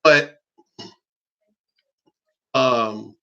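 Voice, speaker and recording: A man's voice: mid-range voice, drawn-out words, sharp tone, muffled recording. A man from Virginia ranting in a casual vlog monologue, rambling and swearing heatedly. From Virginia, USA. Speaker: vlogger.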